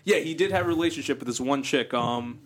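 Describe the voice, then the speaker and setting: A man's voice: medium pitch, quick pace. A man chatting casually with friends, joking, swearing and laughing often. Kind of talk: casual chat among friends.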